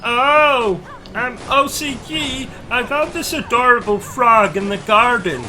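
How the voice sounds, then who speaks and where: A man's voice: extremely high pitch, slow pace, pushed and bright, a little hiss or hum, voice pushed up, full character voice. A man voicing a timid, hesitant male sidekick who opens nearly every line with a nervous "um".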